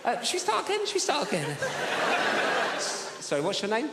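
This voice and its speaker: A male stand-up comedian, telling animated stories and chatting with the crowd in a large theatre. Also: very high-pitched, a little fast, very noisy. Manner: animated storytelling, chats with the crowd. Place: large theatre with a live audience. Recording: roomy live theatre recording with loud audience.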